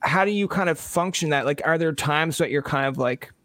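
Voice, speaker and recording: A man's voice: a little high, fairly quick, a bit bright. A man hosting a casual interview podcast, rambling and leaning on "like" a lot. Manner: rambling, heavy use of "like". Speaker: podcast host.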